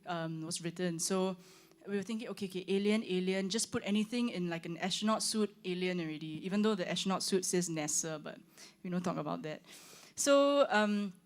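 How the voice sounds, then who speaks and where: A young woman, a singer chatting casually on a livestream, rambling with lots of "like" and "um". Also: on the low side. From Singapore. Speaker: singer hosting her own launch stream. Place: room with her band.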